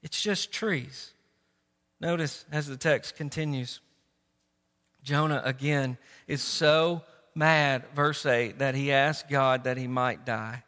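A man's voice: medium pitch, fairly even intonation, slow pace, pushed and bright. A man pastor preaching a sermon, telling stories and acting out the voices of people he quotes. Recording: long hall reverb.

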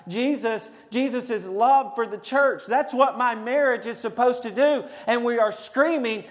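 A man preaching a sermon as a pastor, swinging between loud proclamation and hushed, intense passages. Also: extremely high pitch, normal speed, hardly any pauses.

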